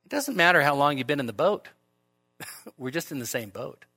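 Bright-voiced emphatic male preacher. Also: a little high, big pitch swings, moderate pace. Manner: earnest, emphatic, repeats phrases for stress. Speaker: pastor. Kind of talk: expository sermon. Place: church.

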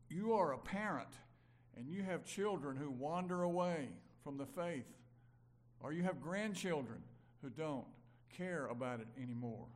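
An older man from Mississippi, preaching a conversational sermon that moves from loud emphasis to quiet asides. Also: medium pitch. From Mississippi, USA. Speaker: pastor.

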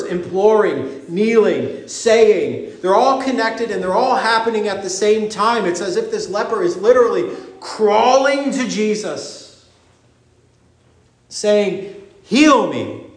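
High-voiced man preaching in echoey church. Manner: animated preaching, acting out voices in the story. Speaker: pastor. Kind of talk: sermon. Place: church sanctuary.

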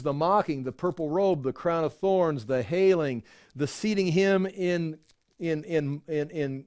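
A man's voice: on the high side, darkish tone, dry recording, studio quality. A man giving a conversational Bible teaching that wanders through restarts and rhetorical asides.

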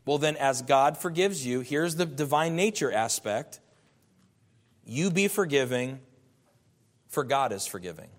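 A man's voice: medium pitch, expressive, a little slow, long pauses, in a large hall. A man preaching a sermon as a pastor, earnest and emphatic, his voice rising in bursts.

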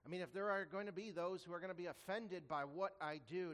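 A man preaching a sermon as a pastor, earnest, asking rhetorical questions and slowing down to stress quoted scripture. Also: sits high, expressive, fairly bright tone, in a large hall. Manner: earnest, rhetorical questions, slows for emphasis when quoting scripture.

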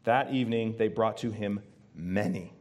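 A man preaching a sermon as pastor to his congregation, emphatic and animated, often asking them questions. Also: on the low side, normal speed. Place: church before a congregation.

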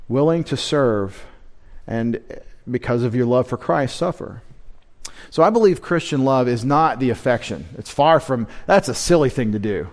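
Man, pastor, midweek sermon, emphatic, rhetorical questions, mid-pitched voice.

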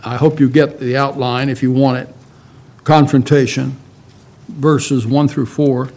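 Slow, emphatic male preacher. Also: mid-range voice, flat delivery, a little mellow. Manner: emphatic, rhetorical questions, slow deliberate delivery. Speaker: pastor. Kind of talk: sermon.

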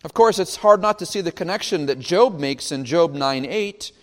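A man preaching a sermon as pastor, working through a scripture passage with dramatic pauses and emphasis. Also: a little high, animated, long reverb tail. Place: church sanctuary.

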